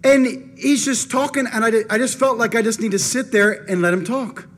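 A man preaching, telling a personal story in an animated first-person way and acting out his own thoughts. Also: very high-pitched, moderate pace, slight background noise. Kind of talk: storytelling in a sermon.

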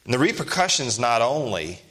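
Brisk and sing-song, a thirtysomething pastor preaches in a medium-pitched, fairly bright voice. He stresses his points emphatically and keeps firing rhetorical questions at the congregation.

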